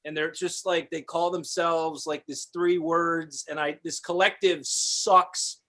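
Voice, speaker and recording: A flustered, exasperated customer trying to return a purchase, played by a man. His voice sits high, and he rambles and restarts his sentences in an improvised comedy scene over a video call. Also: fairly even intonation, slow, sharp tone.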